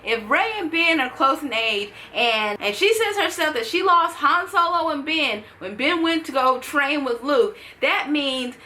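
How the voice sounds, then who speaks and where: A young woman talking casually and playfully to camera in a fan-theory vlog, full of animated asides. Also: sits high, unhurried, few pauses, slight background noise. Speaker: vlogger.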